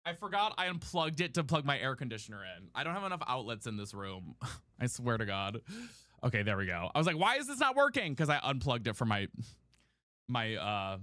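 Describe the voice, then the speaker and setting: A man's voice: medium pitch, sing-song, brisk, bright, forceful tone, no echo, studio quality. A man streaming live from a room at home, chatting casually and ranting in exasperation to his viewers. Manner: chatty, exasperated rants to chat. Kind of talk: casual chat while gaming.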